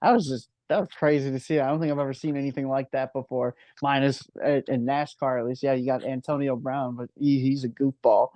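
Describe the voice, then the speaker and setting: A man's voice: mid-range voice, little pitch movement, fairly quick, hardly any pauses, warm tone, no echo, dull audio. A man co-hosting a racing podcast, talking with enthusiasm, laughing and swearing as he goes. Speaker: podcast co-host. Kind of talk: casual racing chat.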